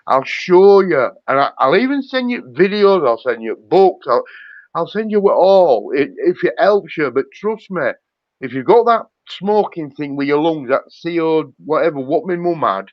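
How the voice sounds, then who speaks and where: A man's voice: fairly high pitch, dry recording, muffled recording. A man on a live chat show, ranting profanely in a heated, fired-up casual talk.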